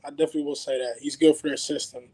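Laid-back guest man, slightly high. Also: fairly even intonation, racing, dark tone, poor audio. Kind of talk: casual sports chat.

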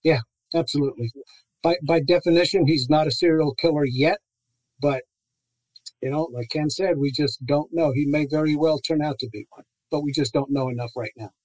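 Middle-aged male ex-detective from Las Vegas, matter-of-fact, slightly high voice, dry recording. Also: moderate pace, darkish tone, dry recording, rough recording. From Las Vegas, USA. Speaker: retired homicide detective, panel guest.

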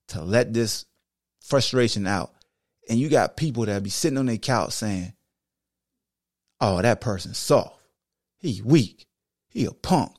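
A man hosting a sports podcast, talking with emphatic repetition that swings between low, heavy stretches and high, excited bursts. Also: dry recording, studio quality. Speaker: podcast host and former football player. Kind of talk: impassioned monologue.

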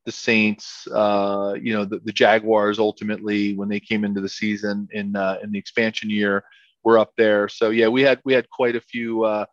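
A man's voice: on the low side, flat delivery, moderate pace, no echo, highs cut off. Rambling middle-aged man telling football stories. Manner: rambling, repeats words, many fillers. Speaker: former football lineman, guest. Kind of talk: casual interview storytelling.

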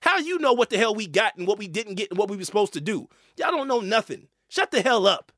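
Animated high-pitched man ranting. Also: fast talker, no echo, studio quality. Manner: animated, emphatic, swearing, with fillers and repeats. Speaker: host. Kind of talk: opinionated commentary rant.

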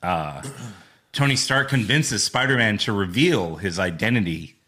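A man's voice: fairly low pitch, expressive, measured pace, pushed and bright. A man co-hosting a podcast, casually explaining comic book storylines with a wry, laid-back manner. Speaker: podcast co-host. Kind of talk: casual chat.

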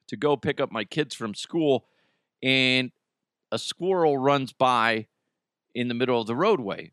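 A man's voice: mid-range voice, sharp tone, smooth, dry recording, studio quality. A man in his thirties hosting a solo podcast, ranting bluntly and profanely with self-mocking asides. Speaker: podcast host. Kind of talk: casual solo podcast rant.

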